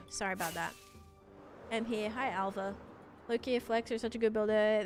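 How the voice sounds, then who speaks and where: A woman's voice: on the high side, expressive, normal speed, music in the background. An Australian woman streaming a building game, chatting casually and reading out viewer comments with frequent laughter. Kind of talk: casual live-stream chat while gaming.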